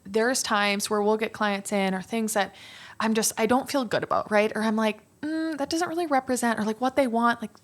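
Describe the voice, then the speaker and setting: A woman guest on a podcast who runs her own business. She talks casually and meanders, leaning on fillers as she thinks aloud. Her voice sits at an ordinary middle pitch for a woman. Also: level tone, moderate pace. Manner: rambling, many fillers like "like" and "you know". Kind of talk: casual chat.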